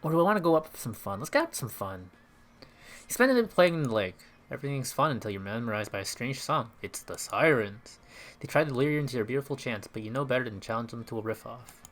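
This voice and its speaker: Relaxed man reading a game aloud. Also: mid-range voice, fast. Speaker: game streamer. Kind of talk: casual let's-play commentary and reading game text aloud.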